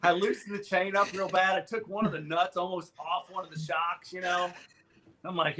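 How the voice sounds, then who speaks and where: A man in his fifties hosting a podcast, telling a childhood story in an animated, profane way and slipping into voices. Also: high voice, fast talker. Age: 50s. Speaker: podcast host. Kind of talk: casual storytelling.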